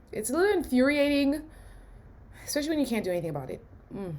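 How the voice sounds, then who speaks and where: A woman's voice: sits high, sing-song, a little fast, long pauses, darkish tone, slight background noise. A woman giving reaction commentary on a clip, exclaiming and sighing. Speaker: video reactor.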